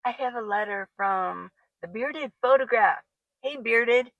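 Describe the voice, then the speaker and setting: A woman's voice: a little high, measured pace, dry recording, narrow, tinny audio. A woman, older, talking casually to camera and answering viewer comments, chatty and laughing often, sometimes getting worked up. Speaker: van-life vlogger. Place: living in her minivan.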